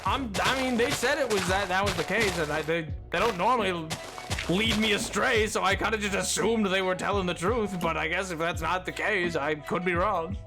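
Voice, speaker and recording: A man's voice: high-pitched, normal speed, music in the background. Playful male streamer, loose rambling banter with chat. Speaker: game streamer. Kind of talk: casual livestream chat.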